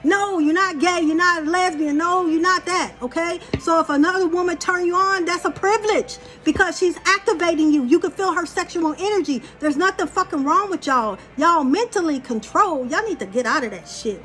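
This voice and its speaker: A woman's voice: extremely high pitch, a little fast, hardly any pauses, fairly bright tone. A woman rambling through a spiritual monologue, blunt and profane, telling a story in a loose, casual way. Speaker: spiritual channeler.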